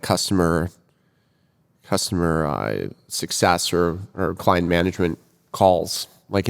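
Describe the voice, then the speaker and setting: Host: man, low voice, hesitant and filler-heavy, reverberant off-mic sound. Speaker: podcast host. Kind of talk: podcast interview.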